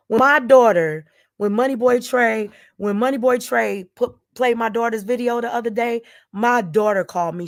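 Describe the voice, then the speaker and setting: A woman's voice: fairly high pitch, normal speed, no echo, clean studio sound. A middle-aged woman hosting her own channel, speaking in an emotional, emphatic monologue full of repeated vows and declarations. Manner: emphatic, repetitive, vowing and declaring. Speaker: channel host. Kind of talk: emotional direct-to-camera monologue.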